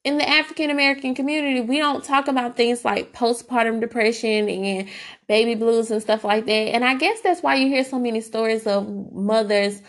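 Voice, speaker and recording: A woman's voice: a little high, fairly quick. A young adult woman hosting a podcast, telling personal stories in a candid, casual way with fillers and restarts. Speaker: podcast host.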